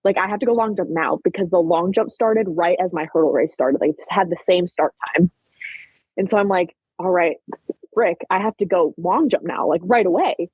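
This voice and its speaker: An eighteen-year-old woman from Minnesota tells a track-meet story with eager, tumbling energy and constant "like"s. Her voice is a little husky and breathy. The recording is dry and slightly dull. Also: fairly low pitch, moderate pace, no room sound. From Minnesota, USA. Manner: animated retelling, many fillers like "like". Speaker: guest, high school track athlete. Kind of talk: casual storytelling interview.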